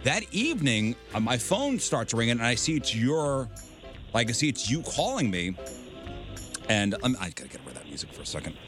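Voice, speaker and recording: A man hosting a radio show, chatting casually and teasing a caller in a lively way. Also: mid-range voice, a little fast, soft background music.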